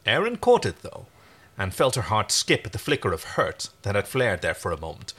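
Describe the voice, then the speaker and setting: A man's voice: on the low side, a little fast, breathy edge. A man co-hosting a story reading, reading aloud with joking asides. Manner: animated, jokey.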